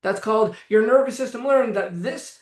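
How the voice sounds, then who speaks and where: A man's voice: high voice, normal speed, darkish tone. Blunt, swearing male coach in an echoey room. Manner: blunt, profane, emphatic. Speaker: anxiety coach. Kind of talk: live-streamed motivational talk.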